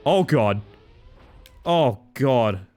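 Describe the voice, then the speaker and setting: Casting: Australian male streamer, lively pitch, chatty and profane, faint music underneath. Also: very slow. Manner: chatty, swears, chants silly words while playing. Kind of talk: casual live-stream gaming commentary.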